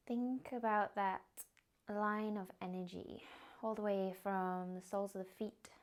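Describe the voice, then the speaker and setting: A young woman teaching a yoga class, giving calm, gently encouraging cues. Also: mid-range voice, unhurried. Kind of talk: guided yoga instruction.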